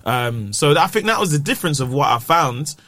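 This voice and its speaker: A man's voice: on the high side, brisk, no room sound. A British man, a comedian, telling stories in a casual chat, full of slang and acted-out quotes. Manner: slangy, animated, acts out quotes. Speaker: comedian guest. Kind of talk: casual podcast chat, storytelling.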